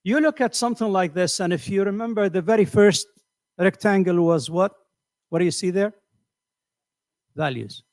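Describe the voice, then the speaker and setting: A man's voice: high-pitched, expressive, normal speed, pauses often, darkish tone, no room sound. A middle-aged man teaching a class, asking his students questions and often repeating words as he thinks. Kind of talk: classroom lecture.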